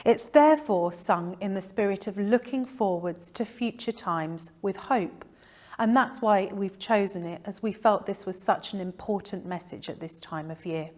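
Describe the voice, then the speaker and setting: Woman presenter, mid-pitched, calm and measured, remembrance service address.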